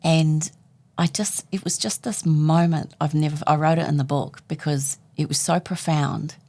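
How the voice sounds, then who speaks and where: A woman's voice: sits low, steady tone, moderate pace, darkish tone. A woman, a guest author telling a personal story in conversation and acting out the dialogue as she goes.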